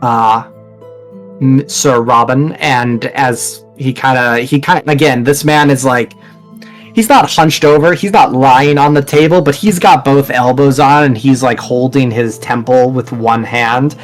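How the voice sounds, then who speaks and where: A man's voice: medium pitch, unhurried, faint music behind. A man narrating a tabletop game as game master, in a casual, rambling way with many fillers.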